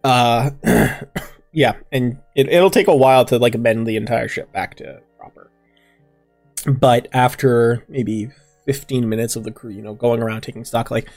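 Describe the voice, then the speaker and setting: A man narrating a tabletop game as game master in a relaxed way with many fillers. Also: medium pitch, normal speed, soft background music.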